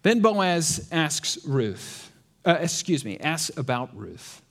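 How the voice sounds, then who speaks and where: A man's voice: sits high, wildly swooping pitch, moderate pace. A man preaching a sermon, with rhetorical questions and dry sarcastic asides. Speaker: pastor.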